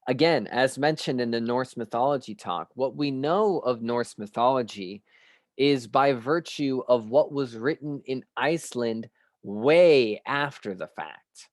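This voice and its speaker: A man giving an unscripted spiritual studies lecture, measured and musing, pausing often and posing rhetorical questions. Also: medium pitch, no echo, studio quality. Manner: clears his throat now and then.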